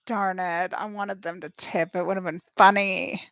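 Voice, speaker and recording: A woman giving snarky, excitable live reaction commentary as she watches a show and cheers at the screen. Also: medium pitch, normal speed, vocal fry, dry recording. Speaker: show recap host.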